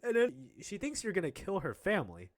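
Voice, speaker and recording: A young man with a high voice speaks briskly, telling a casual story about when he was at school. He keeps it animated, breaks into laughter often, and acts out what the others in the story said.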